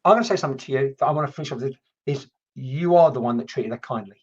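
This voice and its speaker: A husky-voiced woman gives a mediumship reading on a live stream, chatty and excitable with casual swearing. Her voice comes through a dull, lo-fi computer mic. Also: very deep voice, rapid-fire. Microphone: computer mic on a video stream.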